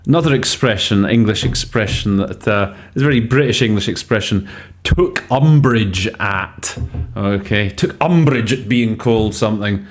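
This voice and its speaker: A man's voice: lowish voice, brisk, few pauses. A man hosting a podcast on interpreting, talking casually and thinking aloud as he weighs English word choices. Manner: thinks aloud, many fillers and restarts. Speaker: podcast host teaching interpreting. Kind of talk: casual explanatory commentary.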